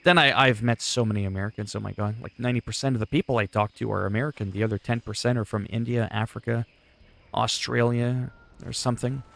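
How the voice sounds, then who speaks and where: His voice is medium-pitched, creaky and fairly bright, with a steady tone and a fast pace. The speaker is a livestreaming gamer in his 40s from Canada whose first language is French, making casual chat that's blunt, profane and joking.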